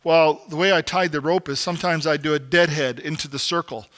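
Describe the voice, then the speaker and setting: A man's voice: on the high side, fairly even intonation, a little fast, fairly bright tone. A middle-aged man speaking to a men's group, telling a folksy story and acting out the quotes he tells. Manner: folksy, acts out quotes, rises to emphatic exhortation. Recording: long hall reverb.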